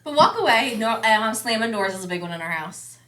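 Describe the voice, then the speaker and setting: A woman's voice: on the high side, fast. A woman in her thirties, a mother chatting on a podcast, telling stories with swearing and acted-out quotes. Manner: animated storyteller, swears, acts out quotes loudly. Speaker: guest, mother. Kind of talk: casual podcast chat. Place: podcast studio.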